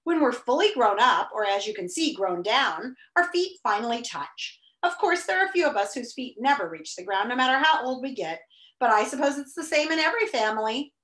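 A woman's voice: on the high side, expressive, brisk, a bit bright. A woman voicing an odd, breezy boy who muses in a matter-of-fact way, in a roomy echo. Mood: musing.

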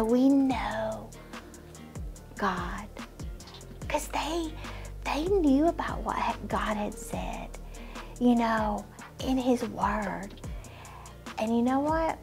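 A woman teaching children, telling a Bible story in an animated way and dropping to whispers for emphasis. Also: high voice, slow, faint music behind.

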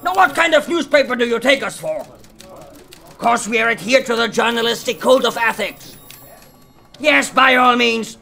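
Gravelly high-voiced newspaper boss played by a man, curt, dismissive. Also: lively intonation, moderate pace, pushed and bright, heavily acted. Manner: brusque, dismissive. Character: brusque male chief newspaper editor. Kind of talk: live stage puppet show acting.

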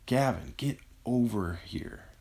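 A man voicing a dying young man who gasps for breath between words, weak and strained, slow and gravelly. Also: deep voice, darkish tone, full character voice. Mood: gasping, tender.

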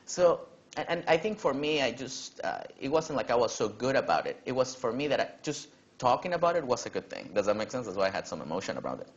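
A man's voice: medium pitch, fast talker. Casual-talking young man, muffled audio. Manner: casual, animated when quoting others, frequent "you know". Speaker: keynote speaker. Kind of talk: personal storytelling talk.

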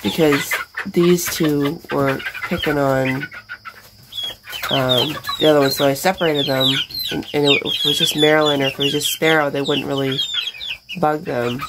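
A woman's voice: low voice, steady tone, moderate pace. A middle-aged woman chatting casually in a vlog as she tends her backyard chickens, rambling and talking to the birds. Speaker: backyard chicken keeper and vlogger. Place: outdoors at a backyard chicken coop. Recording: loud outdoor farm noise. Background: chickens clucking and roosters crowing.

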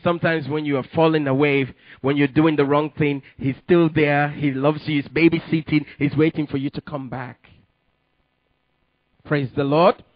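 A man preaching a sermon and telling his testimony, with emphatic delivery that rises to sudden loud peaks. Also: fairly high pitch, steady tone, moderate pace, no echo, muffled recording. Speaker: pastor.

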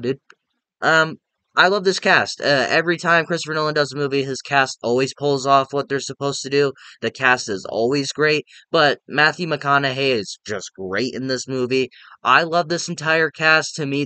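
A man talks through a film review off the cuff, rambling and emotional, with swearing scattered throughout. His voice is bright and forceful, and the recording is dry with no room echo. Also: medium pitch. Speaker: movie reviewer. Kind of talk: casual unscripted film review.

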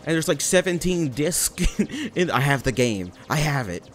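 A man's voice: a little high, sing-song, measured pace, faint music behind. A young man rambling and joking through casual gameplay commentary, swearing now and then. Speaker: let's play commentator.

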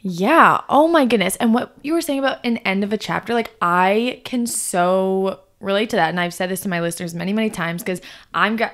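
A woman's voice: medium pitch, brisk, a bit bright. A woman in her early twenties, a podcast host, chatting casually and relating to her guest with encouraging asides. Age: early 20s. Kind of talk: casual interview chat.

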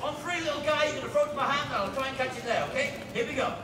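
A man performing a crowd-work street show outdoors, loudly bossing and teasing his volunteers. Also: extremely high pitch, racing, background noise. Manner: loud, bossy and teasing with volunteers. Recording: distant echoey outdoor sound with loud crowd.

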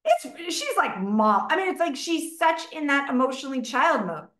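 In a noticeably echoey room, a middle-aged relationship coach gives a loose, informal masterclass, filling it with chatter, fillers, and little acted-out conversations. Her voice is slightly high and a bit bright, swinging widely in pitch.

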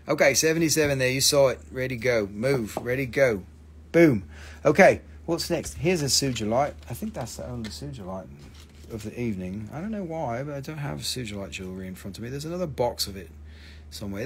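A man's voice: mid-range voice, expressive, quick pace, slightly rough. A man hosting a casual live stream that sells minerals, talking loosely and joking around, swearing now and then and spelling out stone names, on a phone mic.

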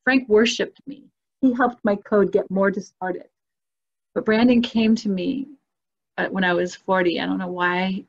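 A woman's voice: mid-range voice, fairly even intonation, a little slow, dull audio. A woman telling a personal spiritual story in a casual, earnest and emotional way, as a guest on a video call.

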